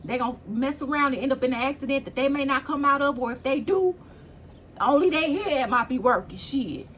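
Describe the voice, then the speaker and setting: Blunt high-voiced woman tarot reader. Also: fairly quick, a bit bright, slight background noise. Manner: blunt, preachy, swears freely. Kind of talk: casual spiritual tarot reading.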